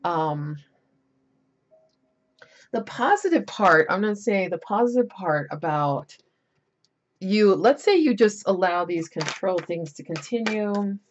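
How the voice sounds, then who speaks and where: A woman's voice: mid-range voice, expressive, slow pace, long pauses. Lo-fi woman giving a tarot reading. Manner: chatty, rambling, emphatic warnings. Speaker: tarot reader.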